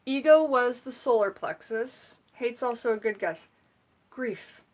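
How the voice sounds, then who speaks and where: A woman's voice: fairly high pitch, measured pace. A woman teaching on a live stream about spiritual topics, telling a story in a casual, rambling way with lots of "like" and "you know".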